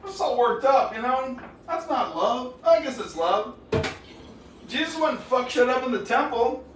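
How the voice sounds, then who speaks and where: A man's voice: very high voice, animated, a little slow. A man livestreaming a casual, profane rant, agitated and talking straight to his chat. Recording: echoey room with faint noise.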